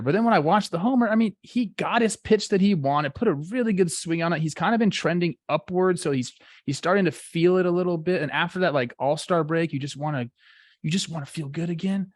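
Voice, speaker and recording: A man's voice: a little high, animated, a little fast, dry recording, studio quality. A man in his thirties co-hosting a casual sports talk show, talking loosely and filling his speech with "like" and "dude.". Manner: loose, filler-heavy, says like and dude a lot. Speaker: podcast co-host, former ballplayer.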